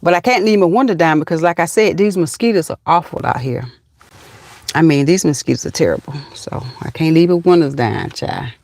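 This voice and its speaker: A woman's voice: low-pitched, a little fast, a little mellow, dry recording. Woman, Southern accent, middle-aged, folksy livestream chatter, parked car, dry close sound. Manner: chatty, folksy, calls viewers honey and child. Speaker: livestream host. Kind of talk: casual live chat.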